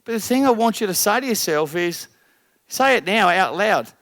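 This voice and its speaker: Blunt high-voiced coach. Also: male voice, moderate pace, creaky, no echo, studio quality. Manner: blunt, swearing, rhetorical questions; energetic, rising loud at the end. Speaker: business coach. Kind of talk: coaching talk to a group.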